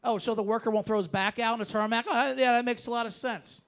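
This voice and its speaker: Very high-pitched, steady, and a bit bright, a man's voice comes through fast and clean. He's a stand-up comedian on a club stage, ranting sarcastically in a loose, profane style.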